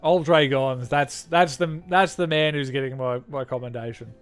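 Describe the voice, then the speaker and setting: A man's voice: mid-range voice, fairly even intonation, moderate pace, smooth, faint music behind. A young Australian man chatting casually with viewers while streaming a game, rambling and correcting himself as he goes. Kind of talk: casual gaming chat.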